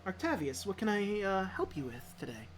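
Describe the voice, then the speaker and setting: A game master voicing a calm, gracious goddess queen of wisdom in a tabletop game, speaking in a measured way with thoughtful pauses. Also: mid-range voice, voice pushed up. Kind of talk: tabletop game role-play.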